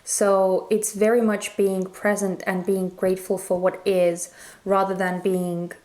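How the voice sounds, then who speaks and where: A woman's voice: mid-range voice, flat delivery, unhurried, darkish tone. A woman giving a casual spoken tarot reading, musing and hesitant with many fillers and restarts, her throat a little strained. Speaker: tarot reader.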